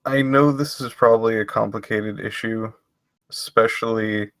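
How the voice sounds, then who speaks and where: A man doing halting, earnest Patrick. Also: fairly low pitch, fairly even intonation, a bit bright, no echo. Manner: halting, stumbling over words.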